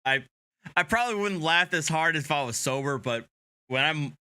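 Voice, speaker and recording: A man chatting on his stream in a relaxed, joking way after a few beers. His voice is bright and clean, and the room sounds dry and close. He sits near the mic. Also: fairly high pitch, normal speed, clean tone, dry recording. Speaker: streamer host. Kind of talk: casual live-stream chat.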